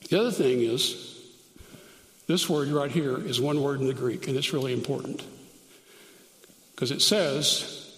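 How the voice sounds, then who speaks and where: A man teaching through Bible verses, reading scripture slowly and adding grammar notes aloud as he goes. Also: medium pitch, fairly bright tone. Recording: echoey hall, long reverb.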